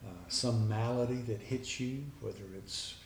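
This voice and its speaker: A man's voice: mid-range voice, steady tone, moderate pace, recorded from a distance, a little hiss or hum. A man, a guest earnestly retelling a conversation line by line. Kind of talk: personal storytelling. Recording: echoey room with faint background ambience.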